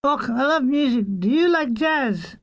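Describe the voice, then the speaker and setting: A man's voice: very high-pitched, animated, measured pace, fairly bright tone, pitched above the performer's own voice, full character voice. Man putting on a flirty Scottish lass. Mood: excited. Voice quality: broad lilting brogue.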